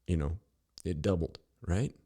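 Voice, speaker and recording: A man's voice: deep voice, a little slow, mellow. A middle-aged man hosting a podcast, ranting in a rambling, profane, sarcastic monologue full of restarts. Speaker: podcast host.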